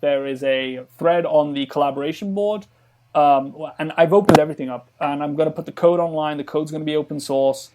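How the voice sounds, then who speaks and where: A man with a fairly high voice chatting in a casual podcast interview. He rambles, trips over restarts and leans on fillers while explaining a game he is building. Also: a little fast, darkish tone, slight background noise. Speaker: game developer guest.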